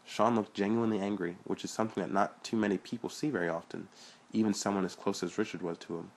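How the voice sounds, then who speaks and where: A man reading his own story aloud as narrator, in a plain, steady way with a husky voice. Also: on the low side, fast.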